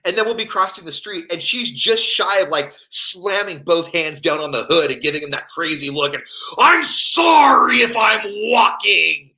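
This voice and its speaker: A man's voice: fairly high pitch, brisk, hardly any pauses, sharp tone, rough recording. A man co-hosting a casual chat show, telling stories in a rambling, laughing way. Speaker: co-host.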